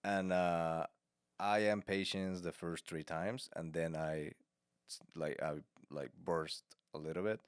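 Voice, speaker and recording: A man co-hosting a podcast, telling a story in animated casual chat, laughing often and speaking with slightly uneven grammar. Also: low voice, takes it slowly, clean tone, dry recording, studio quality. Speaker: podcast co-host.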